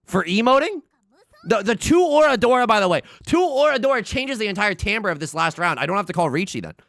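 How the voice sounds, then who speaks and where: A young man commentating his own game as he plays, anxious and pleading, often begging out loud and exclaiming. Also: high voice, big pitch swings, a little fast, gravelly, dry recording, clean studio sound. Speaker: let's play host. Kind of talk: live gameplay commentary.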